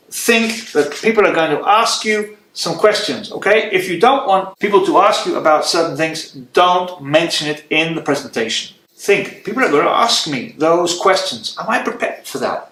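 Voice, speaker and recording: A man teaching presentation skills to camera, brisk and direct, often checking in with "okay?" while holding a microphone. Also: on the high side, fairly bright tone, slight background noise. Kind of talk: lecture to camera. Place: room with a writing board. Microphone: handheld microphone. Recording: echoey room.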